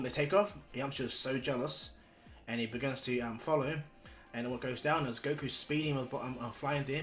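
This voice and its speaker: A man's voice: medium pitch, fairly even intonation, brisk, soft background music. Rambling male fan-story narrator. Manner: rambling, many ums and restarts. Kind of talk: casual fan-fiction storytelling.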